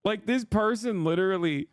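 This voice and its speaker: Man, livestream commentary, swearing and incredulous, dry close sound, slightly raised pitch. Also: dry recording. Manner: profane, incredulous ranting with frequent laughs.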